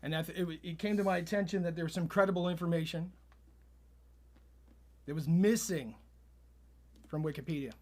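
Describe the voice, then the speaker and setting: Deadpan man spinning tall tales. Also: fairly high pitch, fairly quick, pauses often. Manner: deadpan, spins absurd tall tales with a straight face. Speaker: podcast co-host. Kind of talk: deadpan comedic storytelling.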